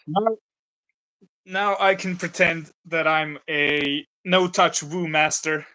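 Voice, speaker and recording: A man's voice: on the high side, steady tone, slow, sharp tone. A man chatting as a guest on a livestream, joking and laughing a lot. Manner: joking, giggly, hypes the stream. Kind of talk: casual chat on a livestream.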